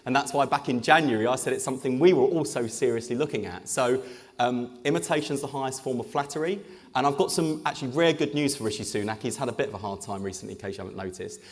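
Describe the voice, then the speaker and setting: A man's voice: mid-range voice, quick pace. A man, an English politician, speaking in a live on-stage conversation with punchy, joking delivery. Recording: echoey hall with long reverb.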